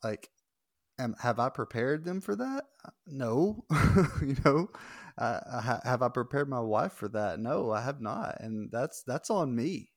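A man in his thirties, a podcast guest chatting casually, self-deprecating and quick to laugh. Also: medium pitch, lively intonation, dry recording, clean studio sound. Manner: self-deprecating, laughs often, stumbles and restarts. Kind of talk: casual chat.

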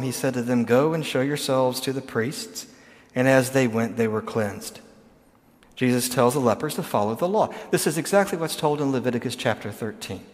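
A man's voice: medium pitch, a little mellow. A man giving a sermon as pastor, explaining in a conversational way with frequent restarts and asides. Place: church sanctuary. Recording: long hall reverb.

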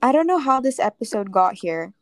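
A woman's voice: a little high, sing-song, no room sound. Teen girl with an American accent, joking. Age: teens. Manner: joking, rambling, quick asides. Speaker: podcast co-host. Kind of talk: casual chat.

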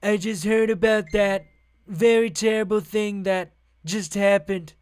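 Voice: medium pitch, steady tone, unhurried, clean tone, dry recording, clean studio sound, pitched above the performer's own voice, natural voice. A commentator putting on an impression of a boastful older male politician, speaking emphatically.

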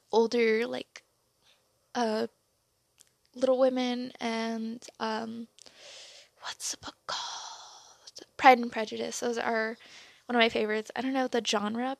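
A woman's voice: a little high, creaky, no echo. A young woman hosting a casual solo podcast, rambling and chatty with lots of fillers and restarts. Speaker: podcast host.

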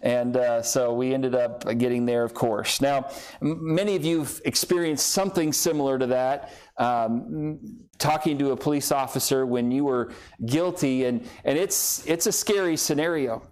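A man's voice: mid-range voice, moderate pace, a little mellow. A male pastor delivering a sermon, telling a personal story with self-deprecating humor.

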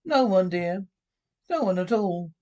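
An actor playing a gruff, gun-loving husband who blusters at a caller in a TV drama. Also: male voice, high voice, lively intonation, a little slow, dark tone. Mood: dismissive. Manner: brusque, blustering.

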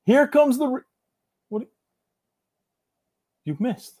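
A high-pitched young man hams up an ad read on a casual podcast. He is loud and playful, joking with his co-host between the lines. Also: expressive, takes it slowly. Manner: loud, hyped, jokey. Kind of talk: casual podcast banter with ad reads.

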